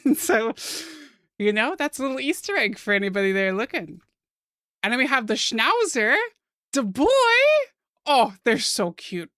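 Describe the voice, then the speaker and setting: A young American woman streaming while she draws, chatting casually with her viewers in a soft-spoken, giggly way. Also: mid-range voice, measured pace, smooth, no room sound, clean studio sound. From United States.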